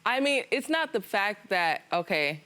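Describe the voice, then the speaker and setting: A woman's voice: mid-range voice, very animated, unhurried, bright, forceful tone. A young American woman arguing her side in a TV courtroom, aggrieved and insistent. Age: young adult. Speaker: litigant. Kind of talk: emotional testimony.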